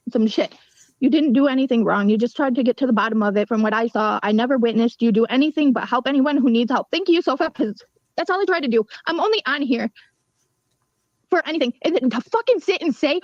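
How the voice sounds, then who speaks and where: A woman's voice: high voice, fairly quick, no room sound. A woman hosting a livestream, ranting angrily with lots of swearing. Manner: angry, profane, emphatic. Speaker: livestream host. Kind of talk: heated livestream rant. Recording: dull lo-fi stream audio.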